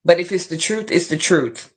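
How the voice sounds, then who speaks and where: A woman's voice: on the low side, animated, normal speed, darkish tone. Woman calling people out, defiant and emphatic. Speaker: niece speaking out. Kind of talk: video statement.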